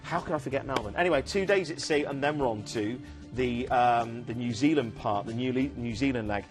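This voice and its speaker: A man hosting a TV cruise sales show talks a little fast in a mid-range voice over music in the studio. His casual sales chat is enthusiastic and rambling, full of fillers.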